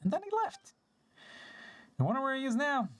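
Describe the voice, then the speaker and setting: A streamer voicing an ancient, wistful little forest spirit from a game, with a slow storybook lilt. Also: sits high, sing-song, a bit bright, pitched above the performer's own voice. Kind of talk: reading game dialogue aloud.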